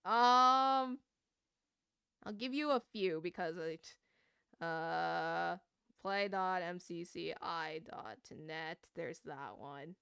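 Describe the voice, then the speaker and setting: A young woman streaming a game, ranting casually with swearing and quick laughs while chatting to viewers. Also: fairly low pitch, gravelly, pushed and bright, smooth, dry recording, clean studio sound. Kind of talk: casual gaming stream chat.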